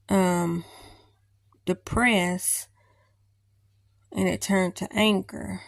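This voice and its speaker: Woman vlogger rambling slowly, lots of restarts, gravelly and dry. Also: medium pitch, no room sound. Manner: rambling, thinking aloud with many restarts. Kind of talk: personal reflective talk to camera.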